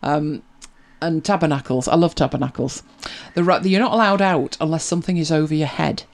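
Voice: mid-range voice, fairly quick, creaky. Chatty host, laughs easily. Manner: chatty, laughs easily, repeats words when starting. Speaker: host of a tech help show. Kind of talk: casual chat and answering viewer questions.

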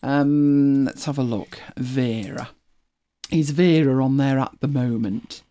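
Slow and mellow, this mid-range voice belongs to a British livestream host who rambles casually to viewers. The talk is chatty and full of laughter, with the host often stopping to correct themselves.

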